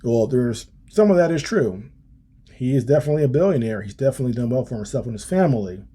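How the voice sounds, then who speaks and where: A man's voice: medium pitch, expressive, quick pace, mellow, husky. A man hosting a political podcast, reading from a policy paper and commenting on it in a casual way, with many ums and restarts. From United States. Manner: casual, frequent ums and restarts, wry asides. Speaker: podcast host.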